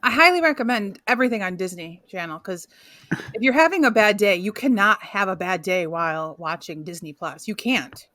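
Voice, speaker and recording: A woman's voice: mid-range voice, lively intonation, fairly quick, pushed and bright, no echo, clean studio sound. A woman on a podcast speaking in casual chat, enthusiastic and emphatic. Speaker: podcast co-host.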